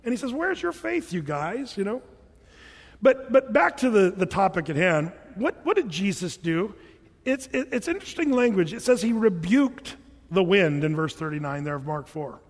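A man preaching a sermon as pastor in a relaxed, chatty way and often restarting his sentences. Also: high voice, moderate pace. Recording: long hall reverb.

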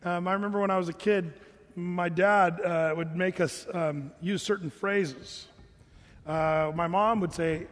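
A pastor with a high voice delivers a conversational sermon, reading scripture and explaining it while pausing to ask his listeners questions. His intonation stays fairly even at a moderate pace, and the long reverb of a large hall rings around him.

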